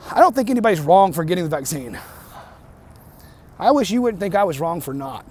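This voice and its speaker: A man with a fairly high voice rants to the camera, heated and profane. He circles back and repeats himself as he builds his case. It sounds like an unscripted personal vlog. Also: sing-song, fairly quick, a little mellow. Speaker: vlogger. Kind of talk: angry rant to camera.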